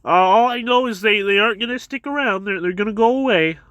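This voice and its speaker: A man's voice: sits high, a bit bright, clear, resonant tone, no room sound. A man casually recapping and reviewing a manga chapter, rambling a bit as he retells scenes. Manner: rambling, retells scenes with quick quoted voices.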